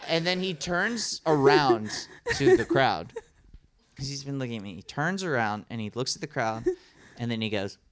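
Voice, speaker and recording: A man's voice: mid-range voice, normal speed. A man in his thirties from the American South, telling stories as a comedian guest at a live podcast, acting out voices and laughing often. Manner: animated storyteller, acts out voices, laughing a lot. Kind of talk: casual storytelling chat.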